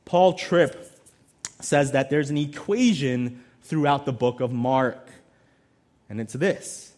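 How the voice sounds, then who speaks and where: A male pastor preaching a sermon, swinging between loud emphasis and quiet, low asides. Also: slow pace.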